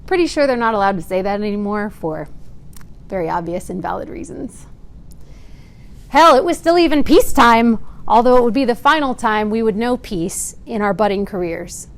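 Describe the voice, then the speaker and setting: A woman's voice: medium pitch, expressive, fairly quick, gravelly. A woman in her forties, a Marine veteran, reading a prepared speech earnestly with occasional dry, wry asides. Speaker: Marine veteran giving testimony. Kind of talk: prepared speech read aloud.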